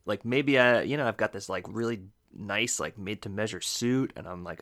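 Male podcast co-host, low-pitched, animated, emphatic, slangy. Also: normal speed, few pauses. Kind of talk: casual podcast chat.

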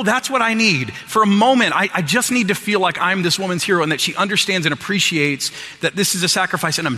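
A man's voice: high-pitched, sharp tone. A man telling a personal story to an audience in a sermon-style talk, acting out his own quotes with self-deprecating humor. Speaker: speaker addressing an audience. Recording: long hall reverb.

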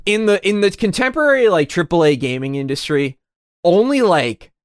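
A young man with a somewhat high voice rambles through casual podcast chat, restarting his sentences and swearing freely. He often trails off quietly at the end of his sentences. The sound is dry and close, with no room echo. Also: animated, normal speed, clear, resonant tone. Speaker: podcast co-host.

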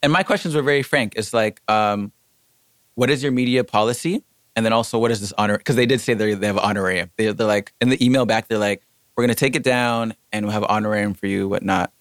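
A man's voice: fast talker, no echo. A young man in casual chat, telling a story with energy and acting out what people said. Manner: animated, acts out quotes with jumps in pitch.

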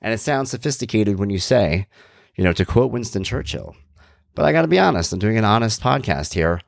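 A middle-aged man hosts a personal podcast, speaking in a somewhat low voice. He rambles candidly and drops jokey asides. The sound is dry and close. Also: expressive, a little fast, creaky, no room sound. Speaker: podcast host.

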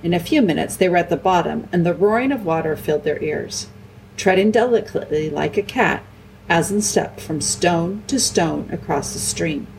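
A woman reads a children's novel aloud in a calm, measured voice. A faint hiss sits under her narration. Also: fairly low pitch, creaky, recorded from a distance, poor audio. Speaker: audiobook reader. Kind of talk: storybook narration.

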